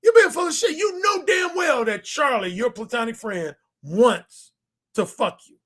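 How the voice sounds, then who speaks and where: Dude putting on a raspy blunt guy, bright and in your face. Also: very high voice, sing-song, unhurried, heavily acted. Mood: confrontational. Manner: blunt, confrontational. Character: blunt man calling someone out.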